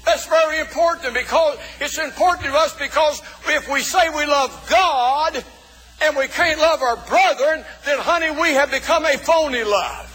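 Man, pastor, folksy sermon, shouted emphasis, sharp tone, long church reverb. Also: very high voice, moderate pace. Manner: folksy preaching with shouted emphasis and calls to the congregation.

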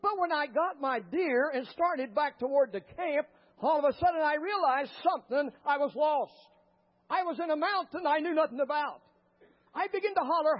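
A man preaching a sermon as a pastor, telling stories with fervor and rising to shouts. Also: very high voice. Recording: muffled lo-fi recording.

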